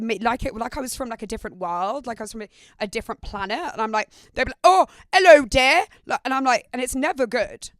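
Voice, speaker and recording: A woman's voice: a little high, dry recording. A young British woman hosting a podcast, telling candid stories in a casual, sweary way with lots of "like". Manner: candid, sweary, heavy use of "like". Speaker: podcast host. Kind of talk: casual storytelling chat.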